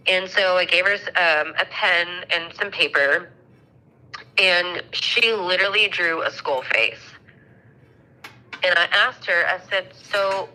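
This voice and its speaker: A woman's voice: lowish voice, slow pace, bright, forceful tone, low-quality recording. A woman in her thirties casually telling a story, chatty, swearing freely and acting out the dialogue. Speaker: mother telling a ghost story.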